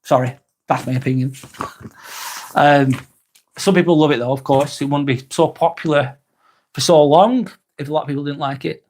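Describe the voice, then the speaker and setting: Pausing often, a man with a slightly high voice talks at normal speed while hosting a live vlog and reading out viewer comments. He's relaxed and chatty, using many ums and some swearing.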